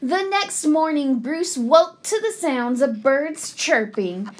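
Lady reading a kids' picture book, slow and bouncy, high voice. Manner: slow, expressive and sing-song. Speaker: children's story reader. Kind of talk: picture book read-aloud.

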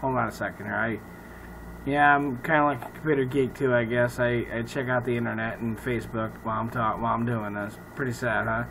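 Man, comedian, loud rambling chat, swears a lot, forceful bright tone, slight background hiss. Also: mid-range voice, flat delivery, a little fast, gravelly, poor audio. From Irish heritage. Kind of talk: casual off-the-cuff chat to camera.

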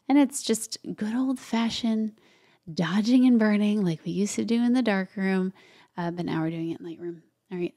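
A woman's voice: lowish voice, vocal fry. A woman hosting a casual photo-editing tutorial, talking viewers through each step as she works and throwing in chatty asides. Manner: chatty, talks while working, with asides to viewers.

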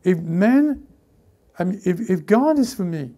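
A man preaching a lively sermon as pastor, often repeating himself and acting out what people say. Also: sits high, a little slow. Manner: animated, repeats words, acts out characters. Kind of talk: lively sermon with acted-out voices.

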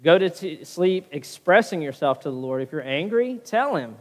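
Pastor delivering a sermon, a man with a fairly high voice, recorded in a reverberant church hall. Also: sing-song, normal speed, few pauses. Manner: preaching with frequent "right?" tag questions. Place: church sanctuary.

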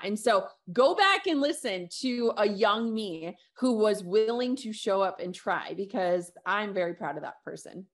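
A woman guest on an interview show, talking casually and telling animated stories with quoted asides. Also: mid-range voice, a little slow, hardly any pauses. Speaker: podcast host and guest.

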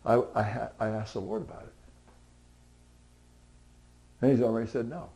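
A middle-aged pastor gives a folksy sermon full of homespun stories, speaking at a medium pitch and normal speed with some vocal fry. He keeps slipping into the voices of the people he describes, and at times rises into loud, high-pitched pleading before easing back down.

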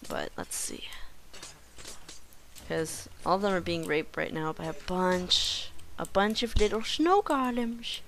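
A woman giving casual gameplay commentary in a playful way, joking with the game creatures and bursting into excited yells. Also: mid-range voice, a little slow, hardly any pauses, a little hiss or hum.

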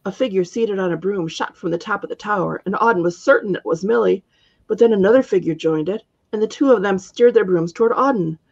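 A woman author reading her own fantasy story aloud in a steady narrating voice. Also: mid-range voice, brisk, gravelly, muffled recording.

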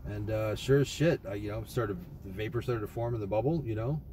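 A man's voice: on the low side, a little fast, mellow, a little hiss or hum. A young man casually rambling through a trip report, swearing often and full of fillers and restarts. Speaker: vlogger.

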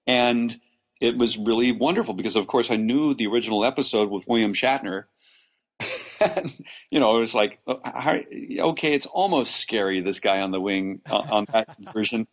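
A man's voice: fairly low pitch, normal speed, muffled recording. A man from Los Angeles, an actor being interviewed, telling long stories with many restarts and fillers and frequent laughs. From Los Angeles, USA. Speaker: actor, podcast guest. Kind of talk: casual interview storytelling.

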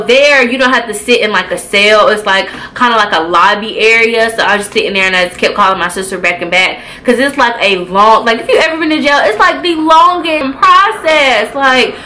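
A young woman vlogger telling a casual storytime, animated and profane, acting out her own reactions. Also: a little high, rough recording. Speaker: beauty vlogger.

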